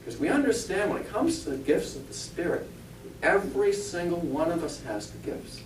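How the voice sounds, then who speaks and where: Heard through a distant mic in an echoey church with a faint rumble, a man preaches at a moderate pace in a sing-song voice. He's a spiritualist pastor and medium, keeping his sermon conversational in the church hall, joking and asking the congregation rhetorical questions.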